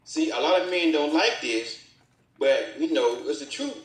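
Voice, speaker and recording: A man's voice: a little high, expressive, measured pace, far from the mic. A man co-hosting a casual relationship talk, speaking in an earnest, preachy way and quoting scripture. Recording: roomy, off-mic.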